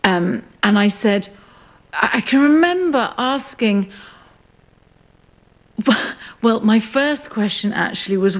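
A middle-aged woman, a farmer and writer, recalling events slowly and reflectively in a radio interview, recorded outdoors on a hill farm. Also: mid-range voice. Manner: slow, reflective storytelling.

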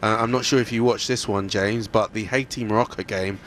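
A man with a lowish voice gives a conversational sports report for radio, lively and quick to reach for fillers. A faint low rumble sits under his voice. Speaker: sports presenter.

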